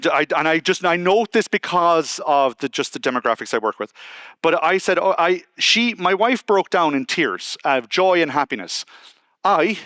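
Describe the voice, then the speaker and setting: A man's voice: fairly high pitch, no room sound. An Irish man speaking at a conference, telling a personal story in a chatty, conversational way and quoting people as he goes. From Ireland. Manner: conversational, quotes people in lively asides. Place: conference hall stage.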